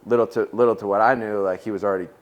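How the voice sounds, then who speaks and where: A man's voice: lowish voice, fairly even intonation, highs cut off. A young man telling his story in casual chat, swearing freely and acting out what others said. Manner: fast, profane storytelling, acts out quotes. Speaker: coach and podcast guest.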